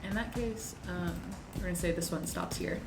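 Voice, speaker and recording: Brisk woman running a tabletop game. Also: on the low side, over music. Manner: brisk, encouraging, calls out turns. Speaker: game master.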